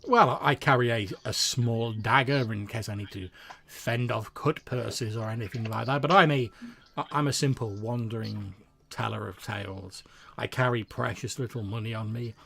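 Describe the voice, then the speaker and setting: Gravelly-voiced wandering bard, flowery and stammering, eager for tales; a man voices him. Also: mid-range voice, steady tone, normal speed, a bit bright.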